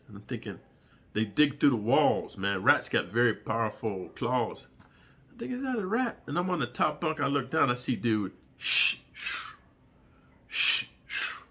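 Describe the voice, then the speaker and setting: Animated, bright-voiced profane male storyteller. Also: on the high side. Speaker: channel host telling prison stories. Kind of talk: storytelling monologue.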